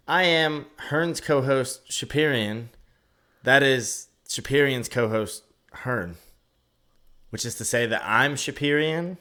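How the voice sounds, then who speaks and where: A man co-hosting a podcast in casual banter, joking with a deadpan sense of wordplay. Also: mid-range voice. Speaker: podcast co-host.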